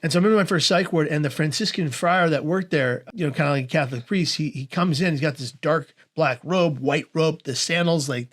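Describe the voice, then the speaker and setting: Animated man telling stories, slightly high. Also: a little fast, hardly any pauses. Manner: animated, humorous storyteller who laughs through his anecdotes; acts out voices in his quoted dialogue. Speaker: guest speaker. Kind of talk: podcast interview storytelling.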